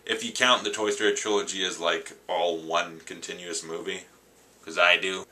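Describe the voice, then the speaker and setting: A man's voice: deep voice, steady tone, moderate pace, bright, forceful tone. A man reviewing his favorite movie in a casual vlog, gushing and rambling with enthusiasm.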